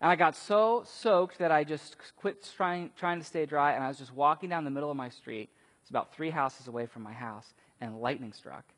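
A man preaching a sermon, telling stories and acting out quotes with sudden loud bursts. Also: fairly high pitch. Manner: animated storytelling, acts out quotes with big swings in loudness. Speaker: pastor. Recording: long reverb of a large hall.

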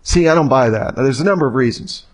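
A man's voice: medium pitch, lively intonation, fast talker, husky. A man speaking to a live audience in a conversational, storytelling way with rhetorical questions.

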